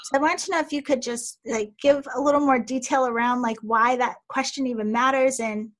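A woman with a fairly high voice hosts a casual interview, affirming her guest and asking loose, filler-heavy questions. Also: fairly even intonation, a little fast, fairly bright tone. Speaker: podcast host.

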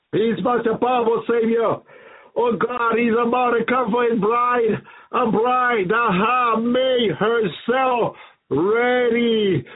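A man preaching a fervent sermon on the radio, pleading and repeating himself with great emotion as he moves into prayer. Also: high voice. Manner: impassioned, repetitive, pleading. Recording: tinny phone-like radio broadcast.

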